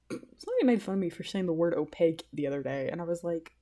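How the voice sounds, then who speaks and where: Brief: excitable woman podcast host, lively up-and-down voice, laughs through her sentences. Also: fairly low pitch, quick pace. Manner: rambling, giggly, excitable. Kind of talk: casual solo podcast chat.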